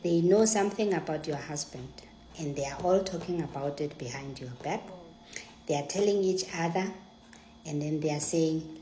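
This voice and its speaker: Lively low-voiced South African woman. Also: a little hiss or hum. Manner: lively and dramatic, acting out dialogue, dropping into hushed asides. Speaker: storyteller. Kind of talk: personal story time. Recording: echoey room.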